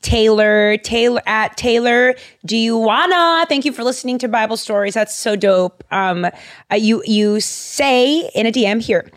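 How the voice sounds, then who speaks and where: A woman's voice: on the high side, unhurried. Giggly gushing woman podcast host. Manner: giggly, gushing, many fillers. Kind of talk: casual podcast chat. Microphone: studio microphone.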